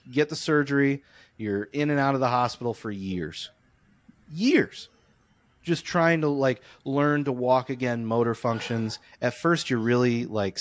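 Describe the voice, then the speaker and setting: A man's voice: medium pitch, no room sound. A young man co-hosting a podcast, telling a long comic story and ranting in casual chat. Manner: animated, comic storytelling, rants. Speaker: podcast co-host.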